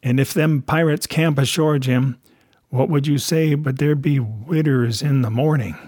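A man voicing a half-wild marooned old sailor, cunning and anxious, speaking in rough sailor's grammar in a storybook reading. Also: mid-range voice, steady tone, measured pace, darkish tone, no echo, studio quality, close to an everyday voice. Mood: wheedling. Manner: rustic sailor's grammar, sly and insistent.

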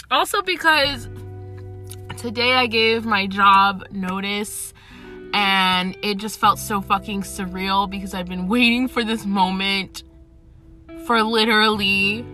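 A woman's voice: medium pitch, measured pace, sharp tone, soft background music. A young woman from Atlanta hosting her podcast from her parked car, chatting casually, swearing freely and laughing often. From Atlanta, United States. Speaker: podcast host. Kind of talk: casual chat. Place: parked car in a parking garage.

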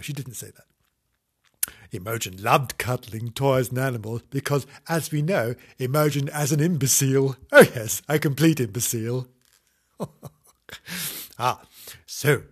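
A man's voice: medium pitch, slightly rough. A man reading a children's story aloud in a playful, sing-song way, breaking off into cheeky asides and mock apologies to the children.

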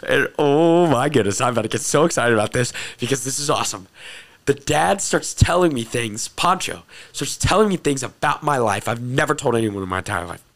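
A young man earnestly telling a personal testimony story, excitable and repeating phrases for emphasis. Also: medium pitch, brisk. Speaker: host telling his testimony.

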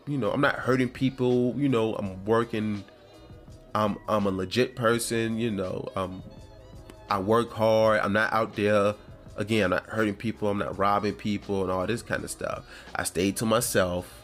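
A man hosting his own show, talking in a casual, rambling and heartfelt way from home. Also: lowish voice. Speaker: podcast host. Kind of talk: casual solo talk.

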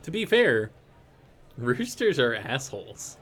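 A man's voice: medium pitch, big pitch swings, takes it slowly, a bit bright. A man co-hosting a podcast, chiming in with dry, laughing remarks. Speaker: podcast co-host. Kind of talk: casual chat.

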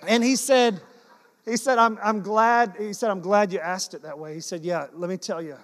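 Speaking at a moderate pace, a high-voiced male pastor recounts personal stories from the pulpit with animation, mixing self-deprecating jokes and earnest exhortation. His voice rings with the long reverb of the church sanctuary.

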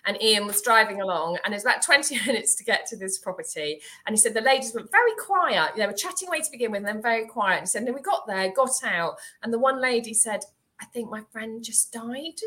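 Middle-aged woman host, bright and forceful tone, slightly high pitch, chatty anecdotes with frequent laughs. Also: lively intonation, quick pace. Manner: warm storyteller, laughs often while talking. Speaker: rural estate agent, podcast host. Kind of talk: casual podcast chat.

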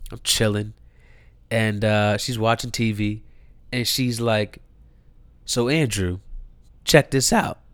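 A young man telling a personal story in casual chat, rambling and animated with lots of fillers and swearing, his voice jumping up when he shows disbelief. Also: clean tone, no echo, studio quality. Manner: jumps high in pitch when voicing disbelief.

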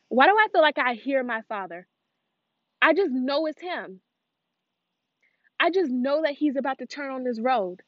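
A woman's voice: sits high, lively intonation, normal speed, pauses often, dry recording, lo-fi sound. A woman from the United States chatting casually at home while she cooks. She wanders from thought to thought and stops to coax her dog. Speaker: cooking vlogger. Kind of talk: casual chat while cooking. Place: at home, moving between kitchen and outdoors.

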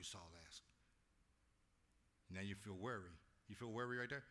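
A man preaching a lively sermon, his voice very bright and ringing. He draws the congregation into call-and-response. He drops to a low murmur, then rises to shouts. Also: moderate pace, long pauses. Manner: animated preaching that swings from quiet to shouting. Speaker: pastor.

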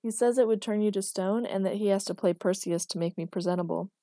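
A woman's voice: mid-range voice, quick pace, dark tone, no echo, studio quality, lightly acted. A woman voicing a blunt, literal-minded young woman who asks frank, curious questions.

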